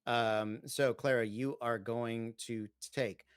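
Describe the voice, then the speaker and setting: A man's voice: mid-range voice, fairly even intonation, takes it slowly, clean tone, no room sound, studio quality. A man running a tabletop game as game master, giving matter-of-fact rulings and vivid narration.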